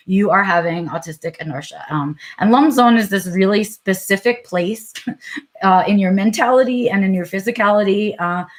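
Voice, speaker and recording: Candid, swearing New York woman vlogging. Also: mid-range voice. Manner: candid and profane, with frequent fillers and acted inner monologue. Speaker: vlog host. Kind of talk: unscripted live vlog talk.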